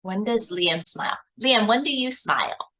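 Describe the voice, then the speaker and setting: A woman English teacher tutoring a young child one-on-one, asking slow, patient, deliberate questions. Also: medium pitch, animated, sharp tone.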